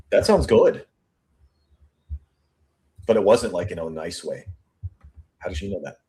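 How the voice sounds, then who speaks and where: Lower-pitched man breaking down statements. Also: expressive, warm tone. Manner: thinking aloud, repeats and restarts phrases, pace shifting between slow and rushed. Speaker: true crime show host. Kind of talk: statement analysis commentary, reading quotes aloud.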